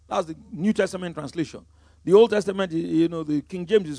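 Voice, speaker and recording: A Nigerian man preaching a sermon as pastor, emphatic, swinging from loud declarations to quiet asides. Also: high voice, animated, brisk, creaky, no echo, studio quality.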